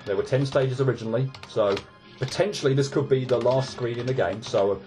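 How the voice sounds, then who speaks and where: A man's voice: mid-range voice, a little fast, mellow, soft background music. A man giving casual gameplay commentary, ranting in exasperation and stumbling over repeated restarts. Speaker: let's play gamer.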